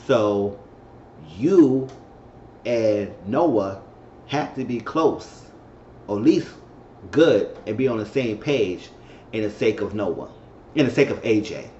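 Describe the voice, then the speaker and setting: A man giving a casual, chatty recap of a TV episode, repeating himself as he goes and now and then acting out characters' lines in a high falsetto. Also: expressive, slow, pauses often, mellow. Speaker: TV episode reviewer. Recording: muffled, roomy recording with faint hiss.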